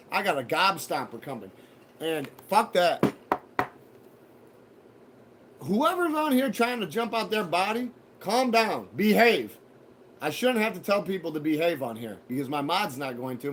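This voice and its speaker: A man's voice: fairly high pitch, a little hiss or hum. A man hosting a casual live stream, rambling to his viewers with profane, mock-threatening banter. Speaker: livestream host.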